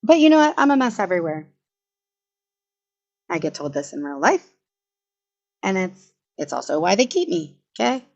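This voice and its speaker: A woman with a somewhat low voice chats sarcastically through live commentary, laughing and restarting her sentences. The sound is dull and lo-fi. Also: big pitch swings, moderate pace, gravelly, long pauses. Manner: chatty and sarcastic, frequent laughs and self-interruptions. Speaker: commentary streamer. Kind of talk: casual livestream commentary.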